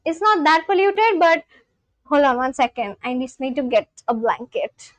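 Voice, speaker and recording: A high-pitched woman talks casually on a live stream. She thinks aloud and answers questions with restarts. The sound is dry and close. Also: expressive, moderate pace, no room sound. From India. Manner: thinks aloud, answers chat questions, repeats practice phrases with many restarts. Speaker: livestreamer learning a language.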